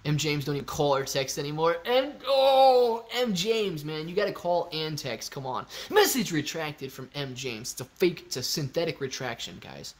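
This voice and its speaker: A man hosting a casual live stream, chatty and excitable, talking straight to his viewers. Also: on the high side, normal speed, hardly any pauses. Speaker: livestream host.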